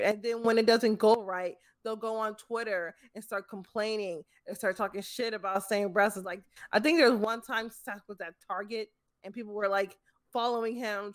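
A woman's voice: mid-range voice, fairly even intonation. A woman who works in retail, chatting casually in an emphatic, profane way and laughing easily. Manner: emphatic, swearing, quick to laugh. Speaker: retail worker. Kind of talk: casual podcast chat.

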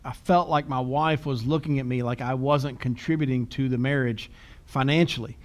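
A man's voice: medium pitch, steady tone, moderate pace. A middle-aged man co-hosting a podcast, chatting casually and telling self-deprecating stories with frequent laughs. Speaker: podcast co-host.

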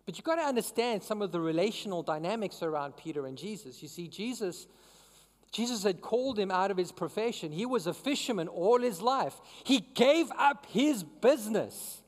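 Preaching at a moderate pace, a pastor with a high voice and lively intonation keeps his sermon conversational and puts questions to the crowd. A long reverb tail trails his words.

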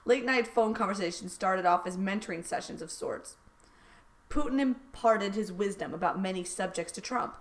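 Woman deadpan-reading smutty satire aloud. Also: mid-range voice, normal speed. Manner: dry deadpan reading, cracking up at the text. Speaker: podcast co-host reading fan fiction aloud. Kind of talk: comic read-aloud with banter.

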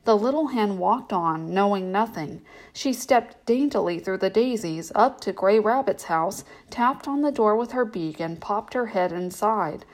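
A woman hosting a bedtime story reading, narrating in a gentle, measured way. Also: mid-range voice, animated.

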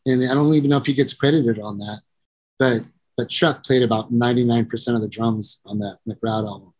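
A man's voice: medium pitch, fairly even intonation, fairly quick, darkish tone. A middle-aged man, a musician and producer, telling long profane stories and acting out the people in them. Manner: rambling and profane, acts out voices, keeps saying "you know". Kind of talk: casual storytelling interview.

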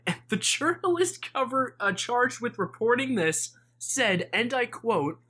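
A man's voice: very high-pitched, very animated, measured pace, pushed and bright, husky. A man co-hosting a sports podcast, chatting casually and telling jokey stories with mock-analytical flair. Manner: joking, mock-analytical, storytelling. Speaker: podcast co-host.

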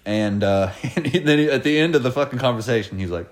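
A young man in his twenties spins stories in loose, casual chat, full of swearing and bursts of laughter. His voice sits at an ordinary middle pitch. He talks with easy, animated energy. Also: quick pace. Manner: profane, animated storytelling with laughs. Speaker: podcast co-host telling stories.

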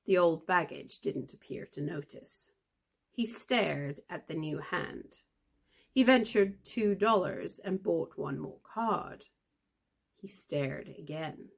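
A woman podcast host reading a fantasy novel aloud for English learners, in an expressive storytelling manner. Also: on the low side, takes it slowly, gravelly, husky.

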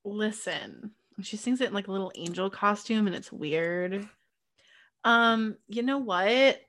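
A woman's voice: mid-range voice, a little slow, a bit bright. A woman co-hosting a podcast in casual chat, blunt and sarcastic, swearing freely. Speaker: podcast co-host.

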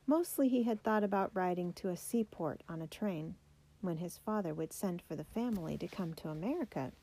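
Woman narrator, children's biography, low pitch, mellow tone, steady pace. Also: fairly quick, a little hiss or hum. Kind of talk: reading a children's biography aloud.

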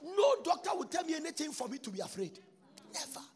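Fervent high-voiced male preacher in a reverberant church. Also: big pitch swings, fast. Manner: fervent preaching that swings between shouted and sung phrases and repeats lines. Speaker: pastor. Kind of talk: sermon. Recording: long reverb, faint music behind.

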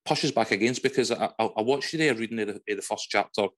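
A man's voice: on the low side, brisk, fairly bright tone. A man with a Scottish accent co-hosting a podcast, asking questions in a thoughtful, rambling way with many fillers. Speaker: podcast co-host. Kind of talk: casual interview chat.

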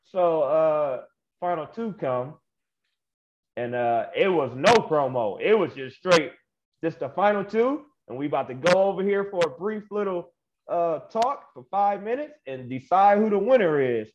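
A young man, a wrestler, telling a story in a casual interview, animated and slangy, laughing often. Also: a little high, a little slow, highs cut off. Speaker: guest wrestler.

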